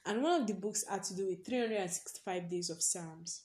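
A woman's voice: medium pitch, brisk, darkish tone. A young woman hosting her own podcast, telling a personal story in a loose, chatty way, leaning on "basically" and laughing often. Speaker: podcast host. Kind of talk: casual personal podcast monologue.

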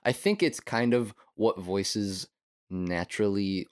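A young man with a somewhat low voice chats loosely as a podcast co-host. He rambles, laughs often and lets his sentences trail off. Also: lively intonation, slow pace. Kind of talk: casual chat.

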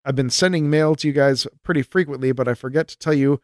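A man's voice: mid-range voice, quick pace, dry recording, studio quality. A man co-hosting a podcast, reading listener mail aloud in casual banter and laughing often. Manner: jokey, laughs often, lively delivery. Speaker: podcast co-host.

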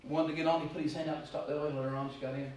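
A male preacher, heard from a distance in a very echoey room, with a slightly higher voice. He rambles through his stories and then builds into loud, urgent preaching. A faint hiss sits under the recording. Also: level tone, racing. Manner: storytelling, rambling, rising to loud exhortation. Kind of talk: sermon.

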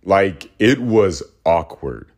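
A man's voice: low voice, animated, slow pace, darkish tone. A man hosting his own podcast, talking alone in a casual, rambling way and acting out quoted voices. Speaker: podcast host. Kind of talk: casual solo monologue.

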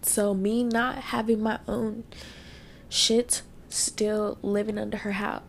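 Tearful young woman venting, gravelly fry. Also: mid-range voice, flat delivery, slow pace, slight background noise. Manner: blunt and venting, swears freely. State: tearful, sniffling. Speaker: podcast host. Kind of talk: casual personal monologue.

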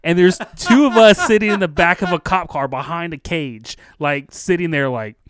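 A young man on a podcast, casually telling a profane, animated story and acting out the people in it. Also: a little high, moderate pace, a crowd in the background. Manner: profane, animated retelling with quoted voices. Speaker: podcast co-host.

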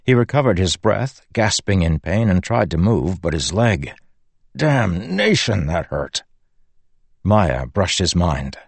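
A man with a low, deep voice reads an action scene in a measured, dramatic audiobook style. The recording is dry and close to the mic, with no room sound. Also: lively intonation, dry recording. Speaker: narrator. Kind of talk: audiobook narration of fantasy fiction.

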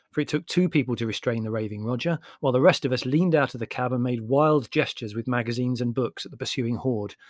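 Male audiobook narrator, mid pitch, expressive and measured, dry close recording. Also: no echo. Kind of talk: scripted narration.

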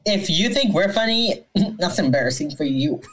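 A woman co-hosting a podcast, recapping a TV episode in casual, dry, deadpan chat. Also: lowish voice, normal speed, soft background music, rough recording. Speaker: podcast co-host.

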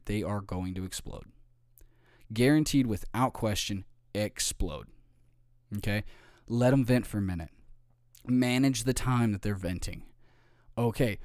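Low-voiced man giving a casual training talk. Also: a little mellow, no room sound, clean studio sound. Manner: conversational, repeats "okay?" and "right?" to check in.

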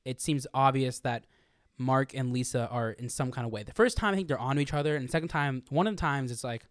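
A man's voice: medium pitch, quick pace, dry recording, clean studio sound. A man co-hosting a podcast, rambling through a casual film discussion and slipping into exaggerated quotes of movie lines. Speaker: podcast co-host.

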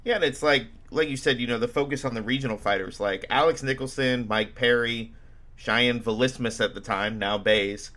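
A man's voice: medium pitch, normal speed, bright, forceful tone. A man hosting a casual podcast, telling anecdotes with animation and acting out what people said. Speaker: podcast host.

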